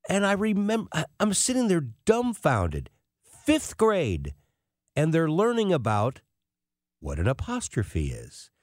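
Sixties male commentator, self-deprecating anecdotes, very lively intonation. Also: fairly high pitch, slow, no echo, studio quality. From United States. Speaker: financial commentator. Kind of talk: casual storytelling monologue.

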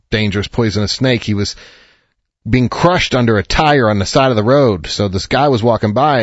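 Earnest reassuring man counseling a caller, mid-pitched, close dry mic, slightly dull sound. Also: no room sound. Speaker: advice show host.

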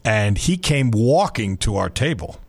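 An older man in his sixties hosting sports talk radio, spinning a story with a rough, gravelly edge to his voice. His pitch swings widely as he animates the tale, and there's a husky, slightly raspy texture throughout. He laughs easily as he talks into a studio mic. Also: very animated, unhurried.

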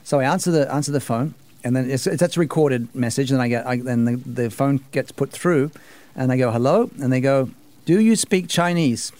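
A man in his fifties co-hosting a radio show, telling a story in a relaxed way with fillers. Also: mid-range voice, fairly quick. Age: 50s. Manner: relaxed, frequent fillers and backchannel agreement. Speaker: radio host. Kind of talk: casual radio chat.

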